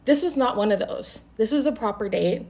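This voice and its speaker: A young adult woman vlogger telling a casual story in a blunt, animated way, swearing freely. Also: fairly high pitch, fairly quick.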